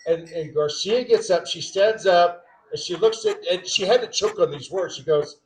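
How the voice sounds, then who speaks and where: Male panelist, higher register, animated storyteller. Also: normal speed, hardly any pauses, poor audio. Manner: animated anecdote with quoted asides. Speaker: state representative.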